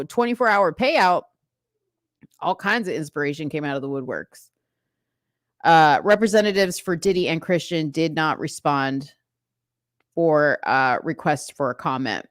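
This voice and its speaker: A woman's voice: low voice, no echo. A woman hosting a livestream, reading news stories aloud and chatting to her viewers with lots of fillers. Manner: chatty, many fillers, talks straight to viewers. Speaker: livestream host. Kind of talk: reading news aloud and commenting to live chat.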